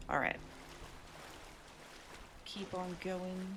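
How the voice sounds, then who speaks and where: A woman's voice: lowish voice, lively intonation, slow, background noise. A woman live-streaming a game, chatting casually, thinking aloud and poking fun at herself.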